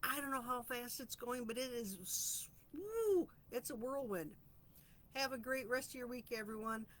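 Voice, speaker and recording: A woman hosting a weekly reflection vlog, talking in an earnest, chatty, reflective way about calm and boundaries, stretching out phrases for emphasis. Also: fairly high pitch, normal speed. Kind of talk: casual spiritual self-help musing.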